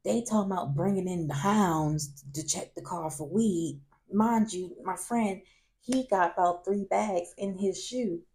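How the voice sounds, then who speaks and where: A man hosting a vlog, telling a college story in a casual, animated way, often laughing and acting out what others said. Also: high-pitched, unhurried, slight background noise. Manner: animated, acts out other people's lines in raised voices. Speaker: vlog host.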